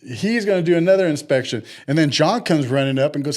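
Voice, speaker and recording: A middle-aged man telling a story in casual podcast chat, animated and acting out the people he quotes. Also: fairly high pitch, quick pace, few pauses.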